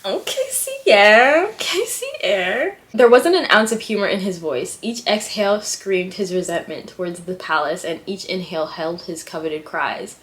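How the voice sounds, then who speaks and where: Writing vlogger lady, kinda low voice, reads her scene out then gets all giddy about it. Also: moderate pace, few pauses. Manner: giddy, excitable reactions; reads fiction aloud softly. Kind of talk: casual chat and reading aloud.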